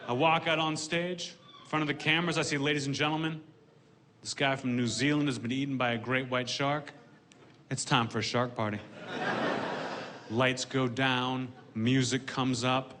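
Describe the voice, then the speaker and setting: A man performing a stand-up comedy set in a deadpan way, delivering dark punchlines dryly on a comedy stage with audience laughter behind him. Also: mid-range voice, moderate pace, background noise.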